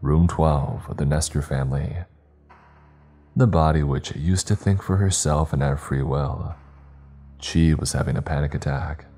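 A man narrating a horror story in a measured storytelling manner. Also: extremely low pitch, mellow, husky. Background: faint music.

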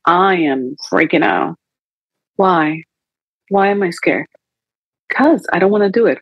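A woman holistic coach, a podcast guest, talks through feelings in a reflective, conversational coaching style, acting out her inner dialogue in quoted voices. Her voice is lowish, expressive, slow and husky, and the recording is dry with dull audio.

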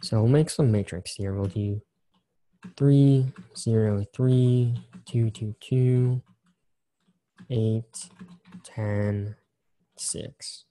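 A man with a low, very dark and mellow voice teaches an engineering class. He talks casually and repeats his key point, counting through examples one step at a time. Keyboard clicks tap along behind him as he types. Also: steady tone, very slow, pauses often, a little hiss or hum. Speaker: engineering instructor. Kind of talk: recorded screen-share lecture.

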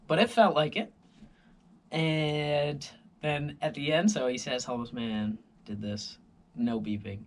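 A tired man vlogger telling a rambling story in a casual monologue, full of voices and sound effects. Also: medium pitch.

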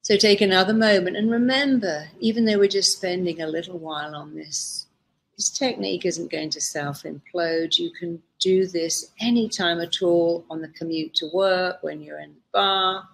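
A woman therapist guiding listeners through a session of spoken affirmations, with slow, emphatic repetition. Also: fairly low pitch, vocal fry, slight background noise. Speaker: therapist leading a guided exercise.

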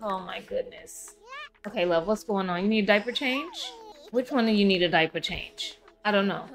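A woman hosting a casual let's-play, chatting to her game characters and viewers, her throat rough from allergies. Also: medium pitch, moderate pace. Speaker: gaming channel host.

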